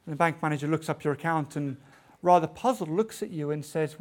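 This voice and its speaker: High-voiced man preaching a sermon. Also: fairly quick. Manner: expository preaching, rhetorical questions, swells of emphasis.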